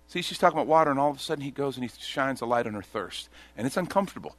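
A man preaching a sermon as a pastor, expressive and conversational, repeating key lines for emphasis. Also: mid-range voice, racing, few pauses, no room sound.

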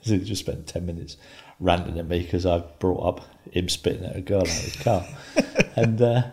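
A man in his fifties, a guest on a podcast, telling a story calmly and wryly, often laughing. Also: sits low, normal speed. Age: 50s. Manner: calm, wry, laughs while telling a story. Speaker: interview guest.

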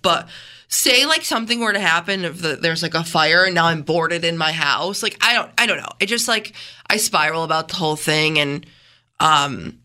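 Radio co-host: earnest woman, low-pitched for a woman, bright and forceful, emphatic delivery. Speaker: co-host of a morning radio show. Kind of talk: casual radio chat. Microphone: studio microphone.

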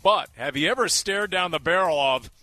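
A man's voice: a little high, animated, normal speed, sharp tone, no room sound, faint music behind. A man hosting a comic sports radio segment, joking and hyped. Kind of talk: comic sports radio bit with sound drops.

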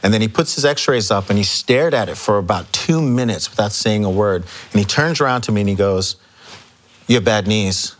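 A man telling stories as an interview guest, acting out quoted dialogue with lively energy. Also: lowish voice, normal speed. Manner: animated storyteller, acts out quoted dialogue. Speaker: chiropractor guest. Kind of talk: casual storytelling interview.

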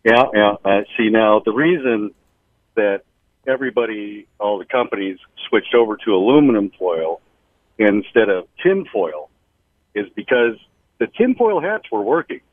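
A man calling in to a radio show with a loud, mock-serious joke complaint. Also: on the low side, lively intonation, normal speed, no echo, voice pushed down. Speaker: caller. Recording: tinny phone line.

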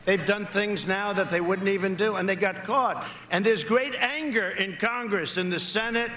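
A man's voice: sits high, moderate pace, pushed and bright, a little hiss or hum. A man giving a campaign rally speech, emphatic and repetitive, with rambling asides. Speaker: political candidate. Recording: echoey rally recording.

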